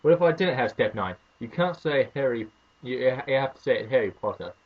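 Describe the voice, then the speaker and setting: An American man putting on an exaggerated fake English accent, loud and theatrical, in a comedy home vlog. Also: mid-range voice, lively intonation, a little fast, slightly rough, narrow, tinny audio, pitched above the performer's own voice. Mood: mocking. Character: American man faking a hammy English gent.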